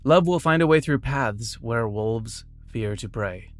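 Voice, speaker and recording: A man's voice: mid-range voice, lively intonation, measured pace. A man reading short biographies and quotes aloud, breaking off now and then for casual asides and small self-corrections.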